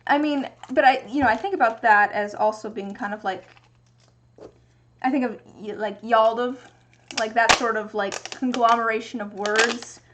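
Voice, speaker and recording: A woman's voice: on the high side, fairly even intonation, moderate pace, fairly bright tone, slight background noise. A young woman from the US Pacific Northwest chatting casually and thinking aloud during a livestream from her home craft workspace. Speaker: streamer making resin dice.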